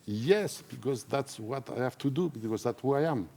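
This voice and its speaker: A man who speaks natively, talking in an emotional conference interview, earnest and halting, often repeating himself. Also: medium pitch, expressive, creaky, darkish tone. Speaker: interviewee, whistleblower. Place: conference stage.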